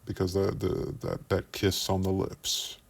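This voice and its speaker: Low gravelly man walking through screenshots. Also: completely flat delivery, unhurried. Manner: stumbles and repeats words while building a point. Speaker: commentary youtuber. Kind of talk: investigative commentary.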